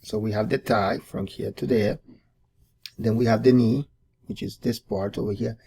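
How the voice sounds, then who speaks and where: A man's voice: fairly low pitch, steady tone, moderate pace, gravelly, mellow, breathy edge. A man hosting a casual drawing tutorial, thinking aloud and repeating words as he sketches. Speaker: art tutorial host.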